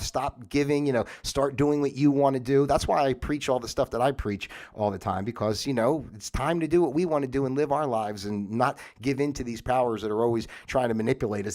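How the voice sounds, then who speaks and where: A man from the United States hosting a livestream, reading fun facts aloud and rambling off into commentary, often stopping and restarting mid-sentence. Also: medium pitch. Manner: rambling, self-interrupting, stumbles over small words. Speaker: livestream host.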